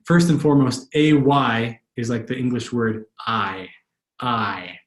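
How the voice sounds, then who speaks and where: Patient man tutoring pronunciation, echoey room. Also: medium pitch. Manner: slow, repeats words carefully for learners. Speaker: language tutor. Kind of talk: pronunciation lesson.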